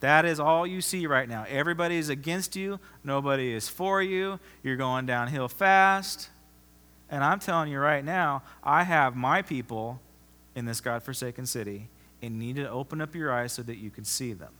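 A man preaching a sermon as pastor, emphatic, often repeating himself and swinging from loud to soft. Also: on the high side, normal speed. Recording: long reverb of a large hall.

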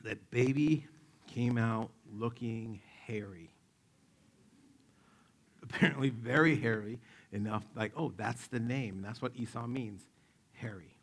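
A man in his forties preaching a sermon, telling stories in an animated, joking way and acting out the quotes. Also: medium pitch, unhurried, long pauses. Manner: animated, jokey, acts out quotes. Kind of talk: sermon with personal storytelling.

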